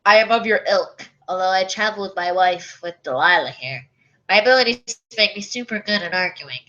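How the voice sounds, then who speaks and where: A woman's voice: medium pitch, a little fast, sharp tone, close to an everyday voice. A woman voicing a folksy, smug older male lawyer with a nasal voice, in a comedic fanfiction reading. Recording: dull lo-fi recording.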